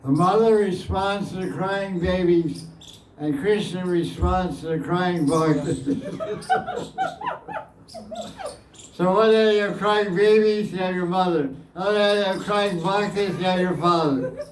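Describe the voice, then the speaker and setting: A man with a high voice teaches slowly, repeating his phrases and chuckling as he answers devotees' questions. He sounds set back from the mic in an echoey room with a faint hiss behind him. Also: far from the mic. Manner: plain-spoken, repeats phrases, chuckles often. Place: indoor gathering room.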